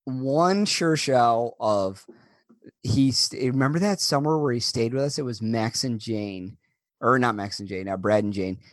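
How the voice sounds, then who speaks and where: A man co-hosting a podcast, telling stories in a casual, animated way and laughing often. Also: mid-range voice, a little slow, dry recording, clean studio sound. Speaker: podcast co-host. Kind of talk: casual chat.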